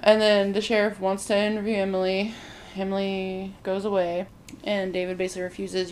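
A woman's voice: medium pitch, completely flat delivery, brisk, darkish tone, a little hiss or hum. A woman in casual chat, animatedly retelling a movie plot and acting out the characters' lines, with frequent "like".

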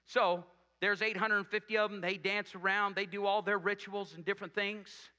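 Man preaching a sermon, high-pitched, very bright and forceful tone, long hall reverb. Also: level tone, moderate pace. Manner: call-and-response rhetorical questions, joking asides.

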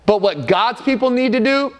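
A male pastor around forty delivers a sermon in a fairly high voice. He speaks earnestly and with emphasis, building his points through repeated phrases. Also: animated, moderate pace.

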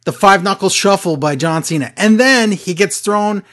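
A man co-hosting a casual recap podcast, telling the story in an excitable, animated way. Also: moderate pace. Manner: excitable, animated storytelling with sudden pitch jumps. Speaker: podcast co-host. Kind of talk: casual wrestling recap chat.

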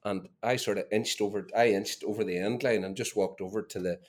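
A middle-aged man tells an animated, swearing story as a guest in a casual chat. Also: lowish voice, a little fast. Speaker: guest, former player.

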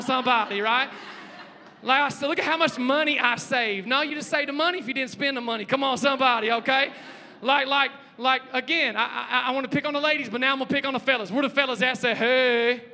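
A man, preaching a lively sermon, joking and calling out to the congregation. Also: very high voice, vocal fry. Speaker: pastor. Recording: long hall reverb.

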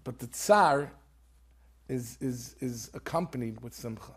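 A man's voice: mid-range voice, a little slow, husky. A man, an author and rabbi, telling a story earnestly in conversation and peppering it with Hebrew terms. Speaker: author guest.

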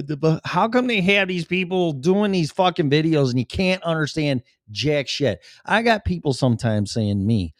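A man's voice: a little high, expressive, moderate pace, no echo, studio quality. Sex: man. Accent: Chicago. Role: show host. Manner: rambling, profane. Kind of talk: casual livestream monologue.

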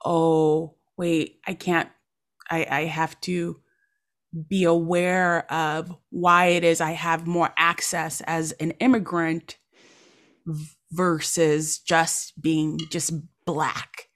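A woman podcast host who grew up in Nigeria speaks in a somewhat low voice. She chats in a casual, expressive way and punctuates her guest's points with emphatic exclamations. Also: slow. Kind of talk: casual conversational interview.

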